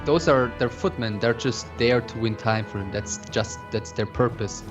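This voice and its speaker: A man co-commentating a strategy game match in an analytical way, pausing often with fillers. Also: medium pitch, muffled recording. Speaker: esports co-commentator. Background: background music.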